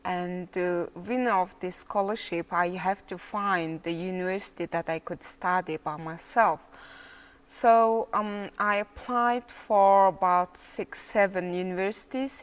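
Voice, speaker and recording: Mongolian-accented woman, careful halting English. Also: on the low side, clean tone. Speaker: interviewee, veterinarian. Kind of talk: interview answers.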